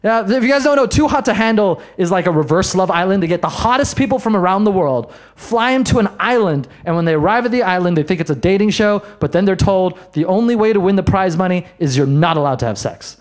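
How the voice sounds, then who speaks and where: A man doing a stand-up set in a comedy bar, brash and self-mocking, with quick asides to the crowd. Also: high-pitched, animated. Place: comedy bar in front of a live audience.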